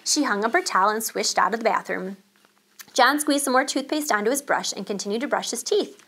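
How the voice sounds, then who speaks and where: A woman teacher reading a children's chapter book aloud, calm and expressive. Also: a little high, a little fast, a little hiss or hum.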